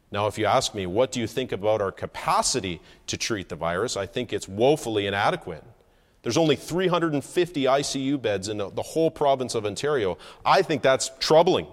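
Earnest pastor in a reverberant sanctuary. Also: male voice, fairly low pitch. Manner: earnest, measured, with emphatic rises. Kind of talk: sermon. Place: church sanctuary. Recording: long hall reverb.

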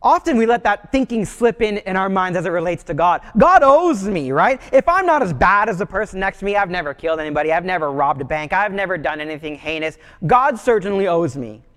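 A man with a notably high voice preaches a sermon, telling stories in a relaxed, conversational way. His voice rings out with a long reverb from a large hall. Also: quick pace, few pauses. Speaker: pastor.

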